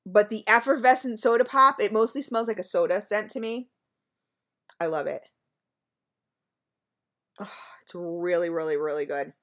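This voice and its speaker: A woman's voice: mid-range voice, moderate pace, long pauses, a bit bright. Chatty woman gushing over wax melts. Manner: chatty and gushing, addresses viewers as you guys, frequent ums. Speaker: wax melt reviewer. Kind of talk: casual product review vlog.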